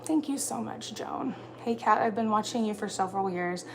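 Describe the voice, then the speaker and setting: A woman's voice: mid-range voice, normal speed, a little hiss or hum. A woman in her thirties from Alabama with a mild Southern accent, chatting casually on a livestream and answering viewer comments. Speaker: livestream co-host.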